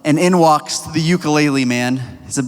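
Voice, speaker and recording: A young man giving a storytelling youth sermon, energetic and leading the room in call-and-response. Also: on the high side, normal speed, clean tone. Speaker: youth pastor. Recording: long reverberant hall.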